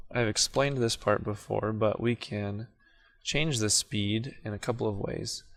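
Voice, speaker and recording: A man casually talking through a video editing tutorial as he clicks along, correcting himself now and then. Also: fairly low pitch. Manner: relaxed, self-correcting, talks through clicks as he works. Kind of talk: casual screen-recorded software tutorial.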